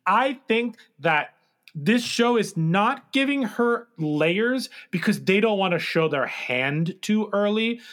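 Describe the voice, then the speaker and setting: A man co-hosting a podcast, with a fairly high-pitched voice for a man. He talks hesitantly, circling his points with filler words and restarts. The chat is relaxed. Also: slow. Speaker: podcast co-host. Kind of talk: casual chat.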